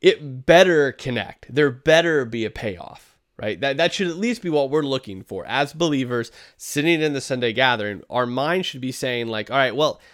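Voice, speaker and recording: A man's voice: medium pitch, expressive, normal speed. A man giving casual, critical commentary while reviewing a sermon clip, talking loosely with fillers. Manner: conversational, critical, frequent fillers. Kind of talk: video commentary.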